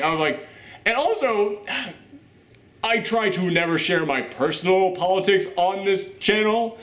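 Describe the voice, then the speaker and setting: A man hosting a casual movie reaction chat, animated and profane, laughing often. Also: high voice, measured pace. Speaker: host of a movie reaction show. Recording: roomy echo.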